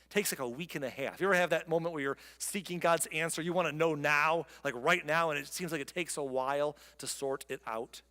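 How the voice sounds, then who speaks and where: A man preaching a sermon as pastor, reading scripture slowly and breaking into quick joking asides. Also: on the high side, in a large hall. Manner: lively, reads scripture slowly then jokes in quick asides. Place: church.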